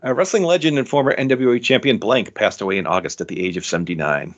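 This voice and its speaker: A man hosting a trivia podcast, reading the questions out briskly and confirming the answers. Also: fairly low pitch, dull audio. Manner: brisk, amused, reads the questions aloud. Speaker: quiz host.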